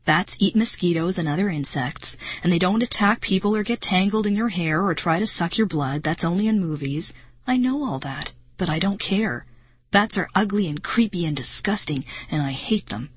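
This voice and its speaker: Woman narrating a creepy kids book, suspenseful, bit husky, dry close mic. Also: fairly low pitch, normal speed, no room sound. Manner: suspenseful, dramatic reading. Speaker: audiobook narrator. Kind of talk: expressive first-person story narration.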